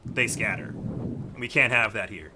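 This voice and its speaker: A man's voice: fairly low pitch, a little slow, background noise, lightly acted. A man voicing a weary, stern human general who gives blunt, clipped orders in a tabletop game.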